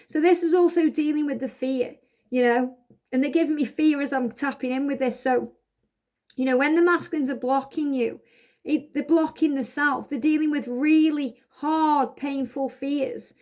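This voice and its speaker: A woman's voice: sits high, moderate pace, darkish tone. A woman doing a spiritual card reading, reading each card's message aloud and explaining it in a soothing, reassuring way, recorded outdoors. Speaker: tarot card reader.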